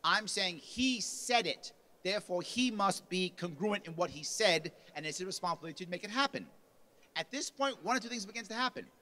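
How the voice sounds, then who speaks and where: A man's voice: sits high, lively intonation, brisk, bright, forceful tone. A man giving a punchy motivational speech at a party convention, acting out quotes with a raised voice. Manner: punchy, acts out quotes with rising volume. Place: convention lunch hall.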